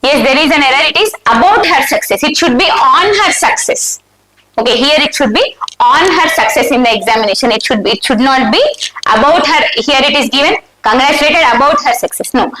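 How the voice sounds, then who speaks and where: A woman with an Indian English accent and a high voice runs a live exam review. She reads the options aloud, asks her students for the answer and confirms it. Her voice rings in an echoey room. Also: bright, forceful tone. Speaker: exam prep teacher.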